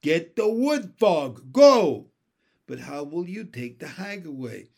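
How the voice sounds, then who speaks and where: A stubborn male frog prince from a storybook, dropping his words in slow, clipped, broken bursts, as a man reads him aloud. His voice sits a touch high and swings widely. The lines come out plodding and blunt. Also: sing-song, creaky, darkish tone, exaggerated voice. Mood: commanding.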